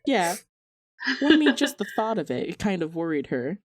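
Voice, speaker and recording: A woman in a tabletop game speaks bluntly and dryly. Her voice sits very low for a woman. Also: sing-song, normal speed. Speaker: player. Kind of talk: tabletop role-play.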